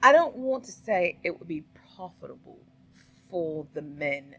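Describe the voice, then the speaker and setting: A middle-aged woman talks through a reaction clip in a slow, deliberate way. Her voice sits a little low. She is opinionated and fond of rhetorical questions. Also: sing-song, breathy edge, poor audio. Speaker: commentary vlogger. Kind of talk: casual reaction commentary.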